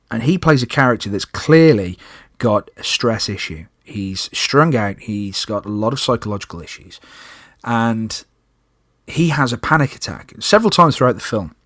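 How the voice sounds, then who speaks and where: A young man hosting a podcast, telling a personal story in a lively way and acting out panicked moments in loud breathless bursts. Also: mid-range voice, normal speed, dry recording, studio quality. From United Kingdom. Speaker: podcast host.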